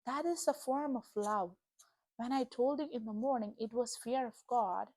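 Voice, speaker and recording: A woman's voice: a little high, normal speed, a little mellow, no echo. A young woman sharing a personal faith testimony in an earnest, emotional, chatty way with lots of fillers. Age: young adult. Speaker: Christian vlogger. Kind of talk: casual spoken testimony.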